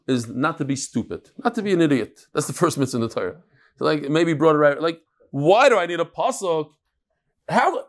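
Animated man teaching Talmud. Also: fairly high pitch. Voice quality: animated, storytelling with acted quotes and sudden loud punches. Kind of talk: lively Talmud lecture.

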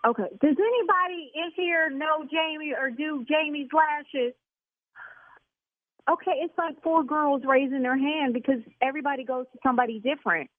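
A woman's voice: sits high, moderate pace, no echo. Brash woman on a tinny phone line. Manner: brash, gets loud and cursing. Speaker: salon owner taking a phone call. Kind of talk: heated phone argument. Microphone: telephone.

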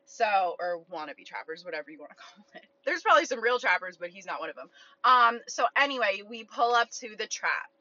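A young woman recounts a story in a loose, chatty vlog style, filling her sentences with "like". Her voice is bright and a little sharp. The recording sounds slightly dull and lo-fi. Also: mid-range voice, sing-song, a little fast. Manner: chatty, heavy use of "like", quoting herself.

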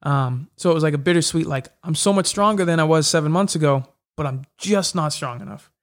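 A man, a mixed martial arts fighter, talking casually in an interview, telling stories quickly with lots of fillers. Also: on the high side. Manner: chatty, quick storytelling with many fillers. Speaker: MMA fighter.

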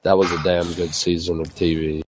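A sick man with a raspy voice, chatting hesitantly on a casual podcast. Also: low voice, level tone, moderate pace, background noise. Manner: hesitant, lots of fillers. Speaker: podcast co-host. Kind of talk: casual chat.

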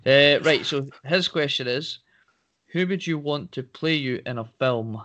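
A man chats loosely on a podcast. He rambles, laughs, and trails off while hunting for names. His pitch sits in the middle. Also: measured pace, a bit bright. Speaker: podcast co-host. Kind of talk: casual chat.

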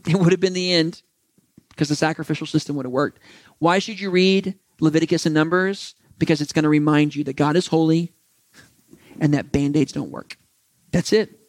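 Animated man preaching a conversational sermon. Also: fairly high pitch, moderate pace, no echo. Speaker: pastor. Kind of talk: sermon with closing prayer.

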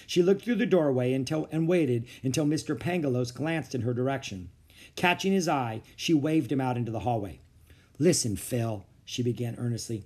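A man reading a children's novel aloud as a podcast storyteller, with expressive, animated narration. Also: medium pitch, fairly quick, husky.

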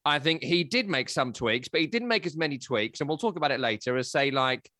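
Animated man talking football. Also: on the high side, a little fast, no room sound, studio quality. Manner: animated, chatty, breaks into silly voices. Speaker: football podcast host. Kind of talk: casual football analysis chat.

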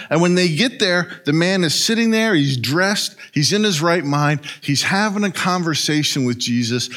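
Animated storytelling male preacher. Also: a little high. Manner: storytelling, animated, rhetorical "right?". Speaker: pastor. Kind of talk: sermon.

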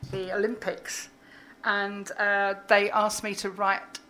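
A woman's voice: mid-range voice, flat delivery, sharp tone, a little hiss or hum. Woman poet reading and chatting. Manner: halting, with frequent fillers and restarts. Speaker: poet, guest. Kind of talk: poetry reading and casual interview chat.

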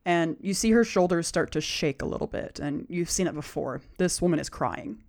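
A woman narrating a tabletop game as game master, describing scenes in an unhurried, descriptive way. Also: lowish voice, expressive, darkish tone.

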